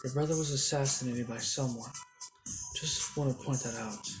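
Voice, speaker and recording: A man's voice: medium pitch, normal speed, music in the background, natural voice. A man voicing a cold male villain leader in a fan story.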